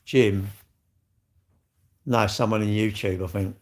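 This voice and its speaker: A man's voice: lowish voice, fairly even intonation, slow. A middle-aged man, chatting bluntly and ramblingly on a livestream as he answers viewers' comments. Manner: blunt, rambling, chatty with frequent restarts and laughs. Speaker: livestream host.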